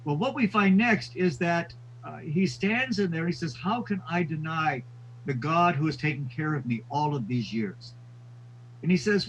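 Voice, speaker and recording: A man's voice: on the high side, lively intonation, normal speed, fairly bright tone, muffled recording, a little hiss or hum. A man lecturing on history, telling stories with frequent fillers and quoting figures. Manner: storytelling with quoted voices, frequent fillers.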